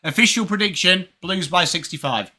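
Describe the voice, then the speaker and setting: A man's voice: high-pitched, moderate pace, sharp tone. A man in his thirties from England with an English accent, chatting with viewers during a live sports watch-along. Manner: chatty, greets chat viewers by name. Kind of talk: live stream chat.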